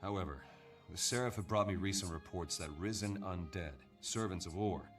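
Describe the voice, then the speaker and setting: A grave, loyal military captain from a video game. His very low voice sits back from the mic, delivering briefings in a serious, measured way. Music plays faintly underneath. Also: fairly bright tone. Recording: distant game audio with background music.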